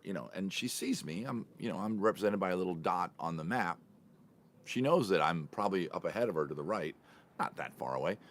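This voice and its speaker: A man hosting his own podcast, telling a casual story in a chatty, rambling way and often correcting himself mid-sentence. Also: lowish voice. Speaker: podcast host.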